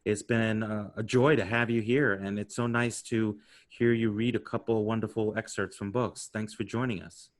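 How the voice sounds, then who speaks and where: A man's voice: on the low side, steady tone, normal speed, few pauses. A man in his sixties with a New York accent hosting a podcast interview, chatting in a rambling way and laughing easily. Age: 60s. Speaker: podcast host. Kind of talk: casual interview chat.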